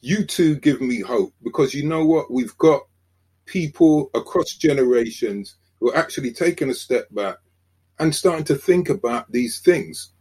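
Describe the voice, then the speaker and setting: An older man with a South London accent, a sociologist guest on a podcast, telling lively stories and acting out quoted dialogue. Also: medium pitch, moderate pace, husky. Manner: animated storyteller, acts out quoted dialogue. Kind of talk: conversational podcast interview.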